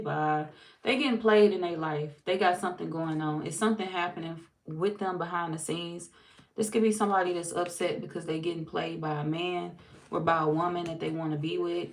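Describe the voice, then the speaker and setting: A woman's voice: lowish voice, noisy background. A woman doing a casual tarot reading, blunt and sassy, swearing freely and talking straight to the viewer. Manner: blunt, sassy and heavily profane; animated, talks straight to the viewer. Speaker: tarot reader.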